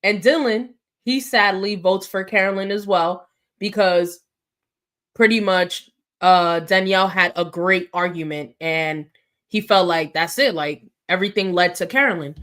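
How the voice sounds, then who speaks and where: A woman co-hosting a podcast, retelling scenes in a quick, animated way and acting out what people said. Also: lowish voice. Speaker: podcast co-host. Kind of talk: casual recap chat.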